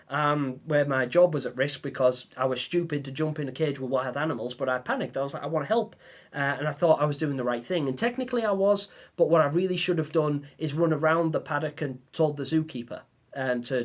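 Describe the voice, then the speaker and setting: A young man hosting a live stream, telling a story in a lively way and acting out his own panicked lines. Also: on the high side. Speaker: livestream host.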